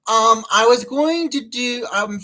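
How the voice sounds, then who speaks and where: Chatty woman with a bright voice. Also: fairly high pitch, a little slow. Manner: chatty and rambling, greets viewers by name, laughs often. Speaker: live streamer. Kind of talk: casual live-stream chat while doing makeup.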